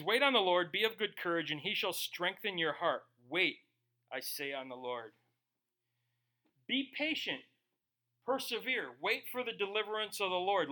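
Male pastor, sermon delivery, high bright voice, slow scripture reading and casual asides. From Germany. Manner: reads scripture slowly, then talks casually with asides.

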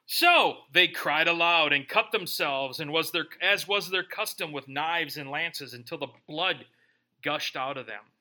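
A man's voice: fairly high pitch, a little slow, sharp tone. A man preaching a sermon in a loose, joking, conversational way, often tagging lines with "right?". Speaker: pastor.

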